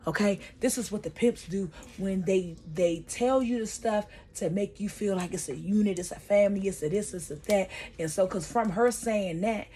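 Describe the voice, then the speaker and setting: A woman casually recapping TV episodes for her vlog, chatty and slangy with plenty of profanity, her pace and loudness often shifting. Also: mid-range voice, moderate pace, few pauses, slight background noise. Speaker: vlogger reviewing a TV series.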